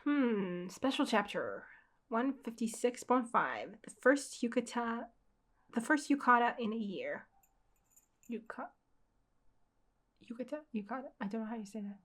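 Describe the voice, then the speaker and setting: A woman's voice: on the high side, expressive, unhurried. A young woman hosting a manga read-along, chatting and reacting in a gushing, easily amused way. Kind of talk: casual reading and reaction.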